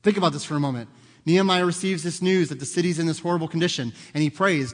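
Male pastor, fairly high voice, earnest conversational sermon, long hall reverb. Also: fast talker. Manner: earnest, conversational preaching with personal stories.

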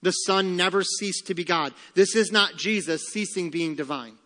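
A man's voice: on the high side, moderate pace, hardly any pauses, bright, forceful tone, big-room sound. A man preaching a sermon as pastor, emphatic, repeating key lines and asking rhetorical questions.

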